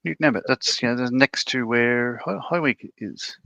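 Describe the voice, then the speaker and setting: A man's voice: medium pitch, moderate pace, gravelly, bright, forceful tone, dry recording. A man co-hosting a casual livestream, rambling as he explains his model build with many fillers. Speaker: co-host, scale modeller.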